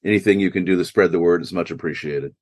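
An older man, a guest actor, telling anecdotes in a self-mocking, animated way in a podcast interview. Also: deep voice, fast talker, no echo. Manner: animated, self-mocking storyteller who acts out quoted voices.

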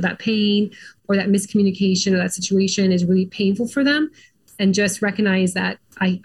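A woman's voice: mid-range voice, vocal fry, a little mellow. A middle-aged woman, a podcast guest, telling her story in a casual, chatty way full of "like" and "um". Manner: chatty, many "like" and "um" fillers.

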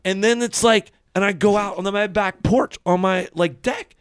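A man's voice: high voice, moderate pace, clear, resonant tone, no echo, studio quality. Profane rambling man. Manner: profane, rambling storytelling with restarts. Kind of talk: casual chat among friends.

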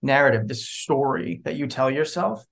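A man who works as a clinical social worker speaks as a podcast guest in an ordinary mid-range voice. He explains things reflectively, thinking aloud as he goes. He keeps an easy, relaxed manner and laughs readily. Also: mid-range voice, moderate pace, creaky. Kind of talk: casual podcast interview.

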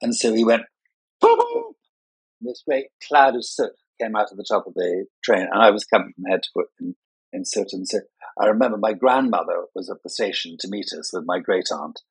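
A party and wedding designer, an older man who grew up in Scotland yet sounds English with no Scottish accent, chats as an interview guest and shares self-deprecating, playful anecdotes. His lowish voice is a little fast with a breathy edge, recorded dry and with poor audio.

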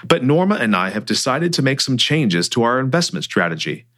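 A calm male client and mentor, measured and firm, with a voice that still moves a lot in pitch, as a man reads him. He delivers hard news gently in a storybook reading. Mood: firm, concerned.

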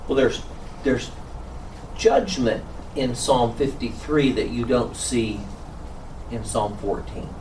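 A man's voice: medium pitch, takes it slowly, long pauses, darkish tone, slight background noise. A man answering the teacher's question in a Bible class, hesitant and plain. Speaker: student. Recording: distant, roomy classroom sound with faint ambience.

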